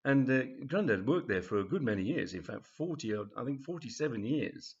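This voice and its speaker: Chatty, rambling storyteller. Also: male voice, medium pitch, expressive, brisk, breathy edge, dull audio. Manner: rambling, chatty, many fillers. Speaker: author reading his story. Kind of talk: storytelling reading.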